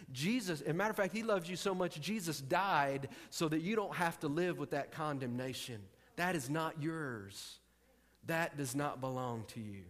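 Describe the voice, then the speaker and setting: A man's voice: a little high, fairly bright tone, big-room sound. A middle-aged male pastor preaching a sermon, emphatic and repeating key phrases.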